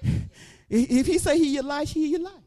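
Older man, church preacher; fervent, exhorting delivery that swells to shouts; very high register. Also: normal speed. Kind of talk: preaching sermon.

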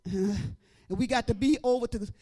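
A middle-aged woman preacher giving an animated testimony, breaking into praise and shouting at the peaks. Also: a little high, a little fast. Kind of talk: testimony sermon.

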